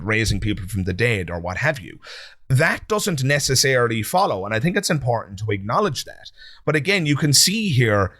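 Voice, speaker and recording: A man hosting a podcast, giving sarcastic and animated commentary on audio clips and speaking to the listener. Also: medium pitch, dry recording, studio quality. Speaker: podcast host.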